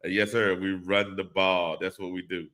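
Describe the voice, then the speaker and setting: A man's voice: sits low, flat delivery, normal speed, a bit bright. A man hosting a casual live-stream podcast, reading chat comments aloud and laughing along in a laid-back way.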